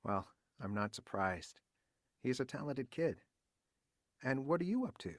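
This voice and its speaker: A man's voice: medium pitch, very animated, unhurried, dry recording, studio quality. A polite American man with a cold. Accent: American English. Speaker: textbook dialogue character. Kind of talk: scripted textbook audio dialogue.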